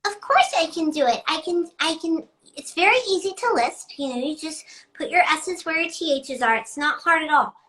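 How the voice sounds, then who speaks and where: A woman voicing a cheerful, matter-of-fact young girl with a lisp, speaking high and breezy a little away from the mic. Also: animated, normal speed, hardly any pauses, fairly bright tone.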